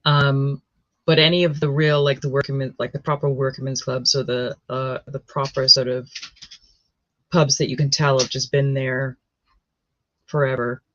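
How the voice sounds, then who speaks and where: A woman from the United States with an American accent, chatting casually with many pauses and restarts. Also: a bass voice, flat delivery, a bit bright, no echo, lo-fi sound. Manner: hesitant, many ums and restarts. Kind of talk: casual chat.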